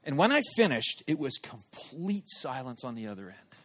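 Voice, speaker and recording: A man's voice: mid-range voice, normal speed. A male pastor preaching a sermon, telling a personal story and acting out his own thoughts aloud. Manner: animated, acts out his own inner thoughts. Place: church service held in a theater.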